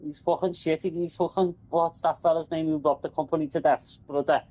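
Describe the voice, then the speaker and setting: A man's voice: fairly high pitch, flat delivery, fairly quick, darkish tone, low-quality recording. A man, a telecom engineer, rambling and swearing in casual chat about his work.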